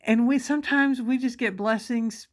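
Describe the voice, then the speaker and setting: Excited middle-aged woman telling a story. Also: on the high side, normal speed. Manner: excited, breathless retelling with quoted exclamations. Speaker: vlogger sharing a personal memory. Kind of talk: casual personal storytelling.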